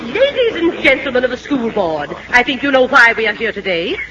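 An actress playing a prim, strict schoolmistress in a vintage film, with a formal, stern manner. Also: female voice, a little high, sing-song, fairly quick, dull audio, music in the background. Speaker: teacher. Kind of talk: 1940s film acting.

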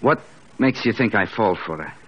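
An actor playing a guarded, hard-bitten small-time gangster who talks in curt, deadpan slang, in 1940s radio acting. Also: male voice, fairly low pitch, moderate pace, slightly rough. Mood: gruff. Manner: slangy tough-guy talk, curt and deadpan. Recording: muffled old radio broadcast.

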